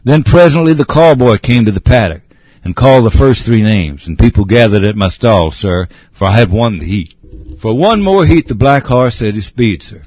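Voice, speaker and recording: A man's voice: mid-range voice, animated, normal speed, a little mellow, husky, no room sound. A man voicing an old male cab horse with a gurgling voice, telling his tale politely and addressing the listener as sir. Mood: proud. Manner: polite, says sir often.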